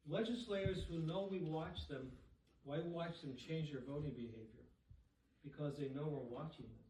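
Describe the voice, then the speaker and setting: A man with a fairly high voice gives an animated talk at a dinner, putting questions to the crowd. He stands well back from the microphone in an echoey room. A soft hiss sits behind him. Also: normal speed. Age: middle-aged or older. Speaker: speaker at a society dinner. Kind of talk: public talk to a dinner audience. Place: banquet room with audience. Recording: echoey room, speaker far from mic.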